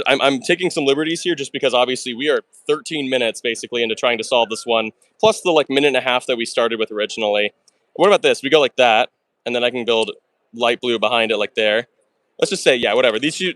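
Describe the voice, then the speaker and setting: A man hosting a live puzzle stream, rattling off his thinking at speed and breaking into excited exclamations. His voice sits at a middling pitch, and the sound is close and dry with no room around it. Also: dry recording. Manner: fast and chatty, talks through his moves. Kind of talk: live stream chat while solving puzzles.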